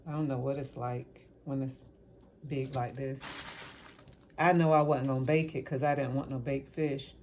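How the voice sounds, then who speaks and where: A woman's voice: very deep voice, fairly even intonation, normal speed, darkish tone, slight background noise. A woman vlogging casually as she cooks in her home kitchen. She rambles as she talks and repeats words for emphasis. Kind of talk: casual cooking vlog chat.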